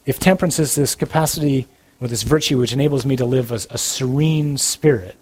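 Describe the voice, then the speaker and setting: Earnest, blunt, husky-voiced male speaker. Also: mid-range voice, brisk, darkish tone. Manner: earnest, blunt, with dry humor. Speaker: Catholic speaker. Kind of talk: sermon-like talk to young adults.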